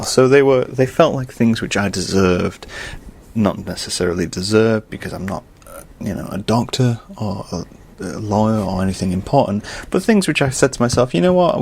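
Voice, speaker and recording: A young man hosting a podcast, ranting casually and swinging from low muttering to loud exasperated outbursts. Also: creaky. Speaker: podcast host.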